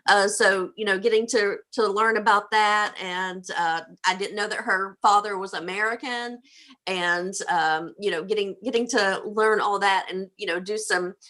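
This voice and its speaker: A woman's voice: mid-range voice, steady tone, normal speed, sharp tone. A woman, a stage actor, rambling on a video call with many fillers and laughs. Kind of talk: casual video call chat.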